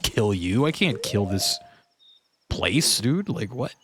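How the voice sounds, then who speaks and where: A man's voice: lowish voice, big pitch swings, takes it slowly, noisy background. A man doing a casual, slangy paraphrase of a baffled male villain who cannot bring himself to fight. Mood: incredulous. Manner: slangy, incredulous.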